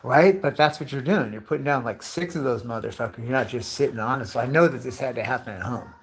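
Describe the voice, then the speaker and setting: A man's voice: medium pitch, quick pace, slight background noise. Profane, rambling fifty-year-old man. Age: 50s. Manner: profane, chatty, full of rhetorical questions; calls listeners dude and bro. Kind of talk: rambling comic monologue.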